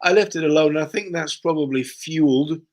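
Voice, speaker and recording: Man, guest author, lively storyteller with a fairly high voice. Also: brisk. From Yorkshire, England. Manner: animated storyteller, acts out dialogue. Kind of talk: casual conversation.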